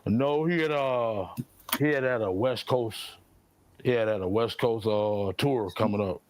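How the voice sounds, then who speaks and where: A man with a lowish voice tells an old story in an interview. He stops and repeats words as he goes, and he slips into the voices of the people in the story. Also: a little mellow, no echo, rough recording. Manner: halting, repeats words and acts out quoted dialogue. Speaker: interview guest.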